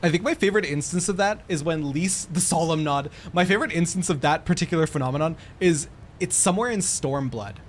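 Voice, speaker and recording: A young man giving casual gameplay commentary, animated, laughing often and swearing freely. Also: fairly high pitch, brisk, a little hiss or hum. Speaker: streamer.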